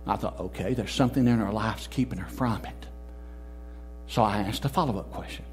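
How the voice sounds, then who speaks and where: A man, a pastor, preaching a sermon, telling a story and rising to emphatic, loud peaks. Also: lowish voice, a little fast, soft background music. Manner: storytelling, quoting others in changed voices, rising to emphatic peaks. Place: church sanctuary.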